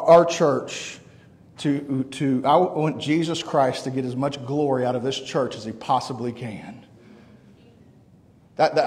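A man's voice: medium pitch, a little mellow, in a large hall. A man preaching a sermon as pastor, in an earnest, conversational way that often repeats words. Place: church sanctuary.

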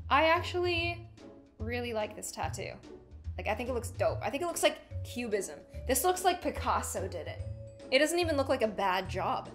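A woman's voice: a little high, very animated, moderate pace, faint music behind. Chatty, giggly young woman reacting. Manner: chatty, giggly, playful tangents and silly voices. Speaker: gaming and reaction video host. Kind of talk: casual reaction commentary.

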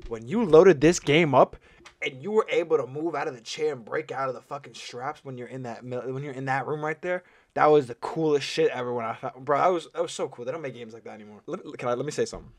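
A young man hosting a reaction video, joking crudely and talking loudly about games and clips. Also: mid-range voice, fast, no echo, clean studio sound. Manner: loud, crude, joking, animated. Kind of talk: casual reaction commentary.

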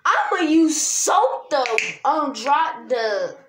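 Comedy skit: young performer doing a goofy dad, drawling and slow, lively pitch, faint noise behind. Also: male voice, echoey room, exaggerated voice. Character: laid-back dad host clowning around.

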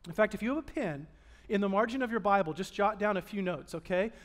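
A man pastor preaching a sermon in a church, emphatic and animated, drawing call-and-response from the congregation. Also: high voice, quick pace. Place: church sanctuary.

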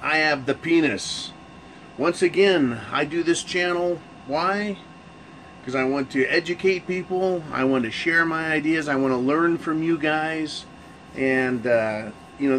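A man's voice: fairly high pitch, a little slow, fairly bright tone, slight background noise, poor audio. A man hosting his own channel, talking casually to camera in a rambling, profane rant full of restarts. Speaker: channel host.

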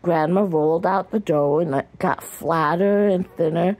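Low-voiced woman reading a picture book. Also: measured pace. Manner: gentle read-aloud with small slips and restarts. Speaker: storybook reader.

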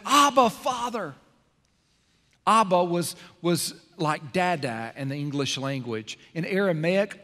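A man preaching a sermon as pastor, swinging between loud emphasis and hushed, quiet passages. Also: on the high side. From American South. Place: church sanctuary. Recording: long hall reverb in a church sanctuary.

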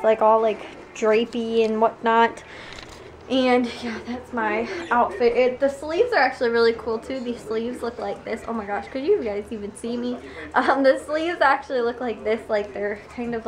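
A woman's voice: on the high side, low-quality recording. A young woman chatting casually in a family vlog, giggly and full of "like" fillers. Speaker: vlogger.

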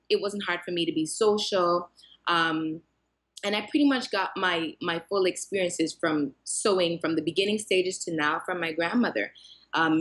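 Talkative young woman with a lowish voice. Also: husky. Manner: lively, talkative, many restarts and fillers. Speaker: fashion designer, interview guest. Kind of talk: casual interview answers.

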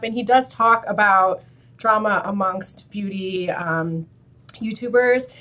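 A woman hosting a beauty vlog, chatting to camera in an animated, filler-heavy way and laughing often. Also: mid-range voice. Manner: loose filler-heavy talk with frequent "like". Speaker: beauty YouTuber host. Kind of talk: casual chat to camera.

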